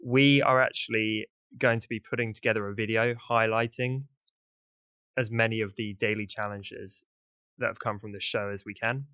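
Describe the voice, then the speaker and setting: Low-voiced British man hosting a podcast. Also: fairly even intonation, normal speed, pushed and bright, clean tone, no room sound. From United Kingdom. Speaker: podcast host. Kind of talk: casual podcast chat.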